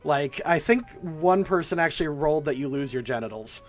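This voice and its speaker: A man narrating as game master in a tabletop role-playing game, often stammering and restarting, with quick laughs. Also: fairly high pitch, lively intonation.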